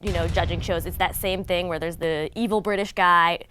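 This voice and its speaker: A woman's voice: fairly low pitch, steady tone, normal speed, pushed and bright, a little hiss or hum. A woman chatting casually as a commentator, opinionated and loose, with lots of "like" and "you know". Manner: chatty and opinionated, with frequent fillers. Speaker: guest commentator on reality TV. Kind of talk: casual chat.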